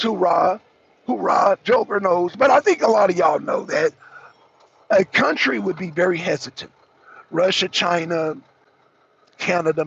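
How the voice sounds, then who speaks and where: A hoarse man from the Southern US hosting a casual livestream, chatty, calling viewers y'all and clearing his throat often. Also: sits high, a bit bright. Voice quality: raspy, gravelly. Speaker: talk show host. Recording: dull lo-fi stream audio.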